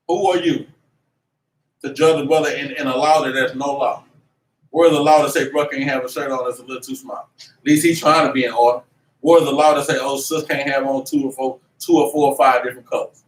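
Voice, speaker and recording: A man teaching a religious class in an animated, preachy way, with lots of slang and repeated "man". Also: medium pitch, a little fast, pauses often. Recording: echoey room, mic at a distance, faint noise.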